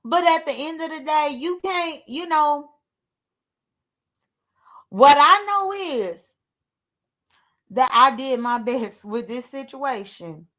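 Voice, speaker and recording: A woman speaking hosts a livestream, and her talk runs candid, emotional and rambling. Her voice sits high and comes out bright and clear. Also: animated, slow, long pauses. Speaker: livestream host.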